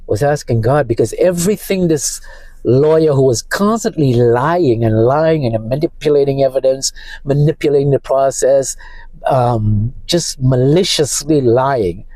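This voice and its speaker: Shaken man, dark dry voice. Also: mid-range voice, no echo, poor audio. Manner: distressed, halting, repeats himself. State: emotionally shaken. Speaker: vlogger. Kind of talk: emotional personal monologue. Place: parked car.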